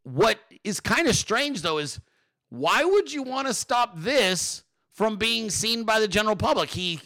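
A man hosting a podcast who rants about politics, cursing freely and sneering at his target. His voice sits high and bright, and it swings up and down a great deal as he mocks. He lays the sarcasm on heavily. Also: very animated, measured pace. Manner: profane, mocking and sarcastic. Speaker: podcast host. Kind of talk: ranting political commentary.

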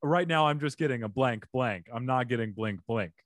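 A man's voice: mid-range voice, animated, normal speed, no room sound, studio quality. A man hosting a comedy podcast over a remote call, joking and ad-libbing playfully in casual chat. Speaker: podcast host.

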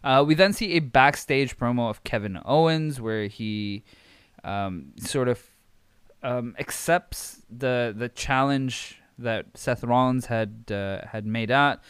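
A man's voice: medium pitch, slow pace, fairly bright tone, clear, resonant tone, no echo, studio quality. A young man hosting a podcast, recapping wrestling in a rambling, amused way with many fillers. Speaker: podcast host.

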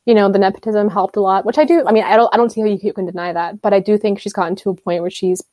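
A woman's voice: medium pitch, fairly even intonation, rapid-fire, mellow, no echo. Young female podcast co-host, casual and sarcastic, dry close mic. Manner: chatty, laughs often, playful sarcasm. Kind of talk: casual chat.

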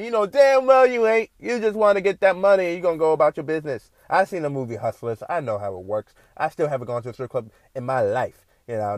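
A man hosting a podcast, talking in a loose, animated ramble full of fillers. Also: mid-range voice, no echo. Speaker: podcast host. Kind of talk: casual monologue.

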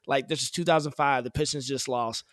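A man's voice: mid-range voice, fairly even intonation, a little fast, fairly bright tone, no room sound, clean studio sound. A man co-hosting a casual sports podcast, telling a story in a jokey way and laughing often. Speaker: podcast co-host.

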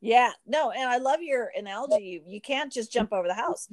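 A woman co-hosting a podcast, chatting casually in an animated way, laughing often and filling her speech with "you know" and "um". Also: a little high, a little fast, over a noisy crowd. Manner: animated, laughing, many fillers. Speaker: podcast co-host. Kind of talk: casual chat.

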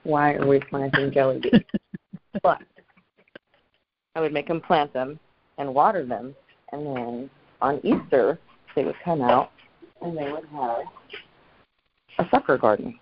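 A woman co-hosts a podcast and tells family stories in a warm, anecdotal way, laughing as she goes. The recording sounds somewhat dull and muffled. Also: low-pitched, takes it slowly, long pauses, a little hiss or hum. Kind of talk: casual storytelling chat.

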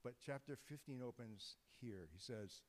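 A man's voice: mid-range voice, normal speed. A man preaching a sermon in a loose, conversational way, joking with the congregation and often restarting his sentences. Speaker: guest preacher. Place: church sanctuary. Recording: long hall reverb.

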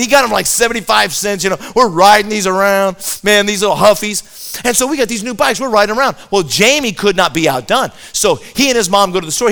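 A man with a high voice tells a comic story to an audience, animated throughout. He often repeats a word as he begins a sentence.

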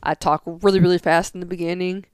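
Smooth-voiced woman podcaster, rambling. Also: on the low side, little pitch movement, fast, no room sound, clean studio sound. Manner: rambling, argumentative, filler-heavy. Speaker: podcast co-host. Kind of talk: casual podcast chat.

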